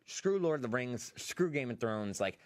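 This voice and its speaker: A man hosting a podcast, excitedly retelling a film's scenes and acting out the quotes. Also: mid-range voice, normal speed, no room sound. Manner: animated retelling, acts out quotes. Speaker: podcast host. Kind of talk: excited movie review chat.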